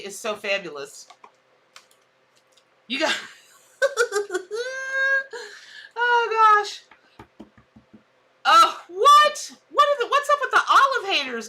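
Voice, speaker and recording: A woman, a tarot reader chatting casually on a live stream, exclamatory and quick to laugh at her own jokes. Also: on the high side, pushed and bright, slight background noise.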